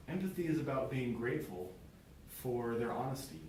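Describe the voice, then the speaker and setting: A man's voice: mid-range voice, lively intonation, normal speed. Man, prepared club speech, earnest, acts out little dialogues, faint background hum. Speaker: club speaker. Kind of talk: prepared speech to a small audience. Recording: very echoey room, mic far off.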